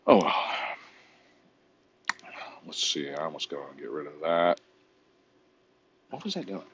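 A man's voice: very deep voice, big pitch swings, a little slow, a bit bright, highs cut off, slight background noise. A man vlogging in a casual, rambling, profane way while browsing online, often mocking himself.

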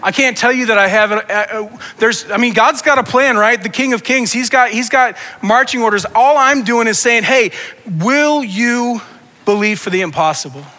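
A man's voice: extremely high pitch, normal speed, few pauses, pushed and bright. A man preaching a sermon as pastor, with impassioned, repetitive preaching that builds in intensity. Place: church sanctuary. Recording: long reverb of a church hall.

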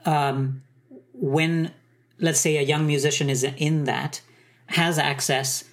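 A man's voice: a little high, fairly even intonation, takes it slowly. A man interviewing a guest, reflective and searching for words as he speaks. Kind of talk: casual interview questions.

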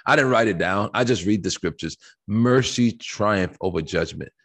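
A man co-hosting a faith podcast, talking in an animated, emphatic preaching style with rhetorical questions and scripture quotes. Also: lowish voice, normal speed, husky. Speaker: podcast co-host.

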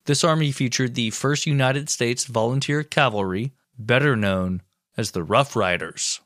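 A man co-hosting a podcast, reading a history story aloud with wry, deadpan asides. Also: mid-range voice, unhurried, no echo, studio quality. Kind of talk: reading history narration with jokes.

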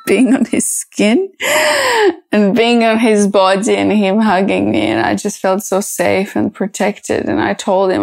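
A woman hosting a personal podcast, talking in a halting, reflective way with many fillers and restarts, emotional and close to tears. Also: mid-range voice, creaky, no echo. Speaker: podcast host.

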